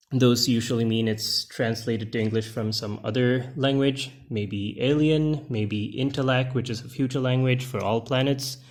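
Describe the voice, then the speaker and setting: A man's voice: mid-range voice, darkish tone. A man giving casual, rambling commentary while flipping through comic pages, with many fillers and restarts. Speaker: comic book reviewer.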